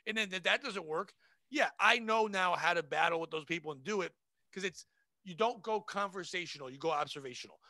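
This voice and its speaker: A man who works as a comedian, talking casually on a podcast in a blunt, profane, animated way. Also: high-pitched, brisk, no echo. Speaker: comedian guest.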